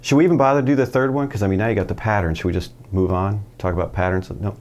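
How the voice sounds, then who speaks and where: Upbeat man teaching Spanish, lowish voice. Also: very fast, darkish tone. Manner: upbeat, asks the viewer questions and answers them. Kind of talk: casual video lesson.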